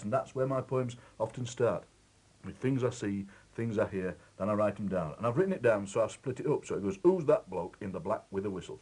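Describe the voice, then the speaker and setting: A poet chatting in a lively, musing way about how he builds a poem. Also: lowish voice, slightly rough. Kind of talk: explaining how he writes a poem. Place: outdoors at a football match.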